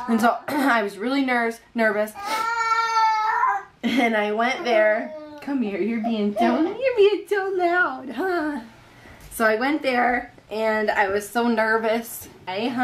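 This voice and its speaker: A young woman speaks to her vlog audience from home in an earnest, heartfelt way. Her voice sits at a middle pitch for a woman. Her sentences ramble and run on. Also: slight background noise. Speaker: mother vlogging about faith. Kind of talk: casual faith vlog. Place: at home with her baby son.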